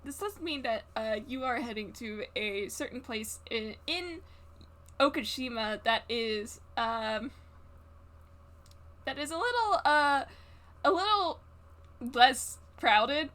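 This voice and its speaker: A woman narrating as game master of a tabletop role-play, halting with many fillers and restarts. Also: a little high, expressive, a bit bright.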